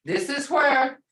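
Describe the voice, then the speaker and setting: A woman's voice: high-pitched, fairly bright tone. A woman language teacher in a classroom lesson, explaining words patiently and repeating phrases. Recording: echoey room, voice from far off.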